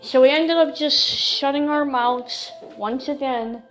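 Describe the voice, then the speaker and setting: A woman with a fairly high voice tells a creepy story in an easy, unhurried way. She curses freely and keeps quoting what each person said. Soft music plays faintly underneath. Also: poor audio. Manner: casual, swears freely, retells talk with "I'm like". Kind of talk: casual spoken true-story telling.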